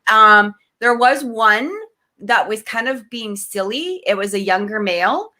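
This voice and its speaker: A woman co-hosting a casual podcast chat tells a story with feeling, jumping back and forth in her sentences. She speaks at a middling pitch, hurries through some phrases and slows down on others. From Canada. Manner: animated, emotional, many restarts and fillers. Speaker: podcast co-host.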